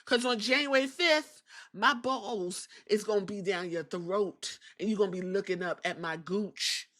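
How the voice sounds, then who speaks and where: A swaggering male wrestler boasts and trash-talks crudely, as a woman acts him out. The threats come fast at first, then drop low and slow. The voice is bright. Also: natural voice. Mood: boastful. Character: boastful brash male wrestler cutting a promo.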